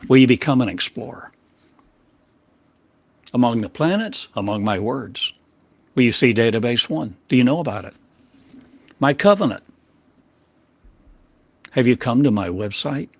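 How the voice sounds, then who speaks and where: In a dry recording, a creaky-voiced man delivers a channeled sermon in the role of spiritual teacher. He's expressive and a little slow, pausing often as his rhetorical questions come in short, broken phrases that rise to loud emphasis and sink to quiet lows.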